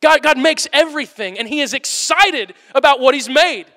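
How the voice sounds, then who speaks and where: A man preaching a conversational sermon to a live audience, animated and plain-spoken. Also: extremely high pitch, moderate pace. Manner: animated, plain-spoken, playfully acts out quotes. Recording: long hall reverb.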